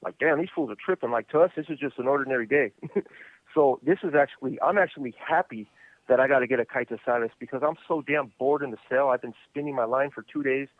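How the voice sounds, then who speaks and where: Male host, mid-pitched, casual rambling storyteller, phone-line sound. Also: quick pace, no room sound. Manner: relaxed, rambling, full of "you know". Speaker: podcast host.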